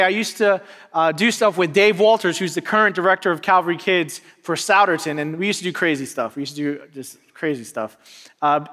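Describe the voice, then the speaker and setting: A high, bright-voiced man preaches from a church stage, his words trailing off into a long hall reverb. He tells his story as an animated sermon, pushing higher and more intense as he builds to the climax. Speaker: pastor. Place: church sanctuary.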